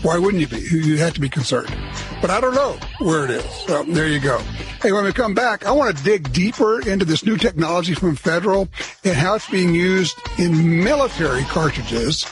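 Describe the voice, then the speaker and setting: A man's voice: high voice, expressive, moderate pace, music in the background, rough recording. A man hosting a call-in radio talk show, plainspoken and blunt.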